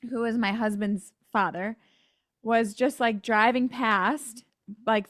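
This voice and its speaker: Speaking with a mid-range voice in a studio-quality recording with no room sound, a woman from the United States gives her faith testimony in a podcast interview. Earnest and at times emotional, she voices the people she quotes and laughs at herself.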